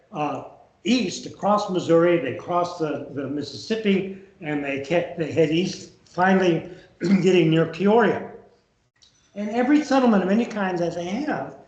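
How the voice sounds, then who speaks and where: A man, a historian, giving a storytelling lecture to a live audience in a museum. He acts out the people in his story as he talks. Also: fairly high pitch. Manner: lively storyteller who acts out the quoted speakers. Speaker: historian giving a public talk. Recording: roomy echo of a hall.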